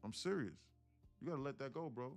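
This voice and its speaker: Animated and fairly quick, a medium-pitched man around thirty live-streams as a day trading streamer, telling viewers a heartfelt story. He's emphatic and repetitive, saying "listen, look" constantly and swearing casually. The close, dry mic leaves no room sound, with faint music behind him.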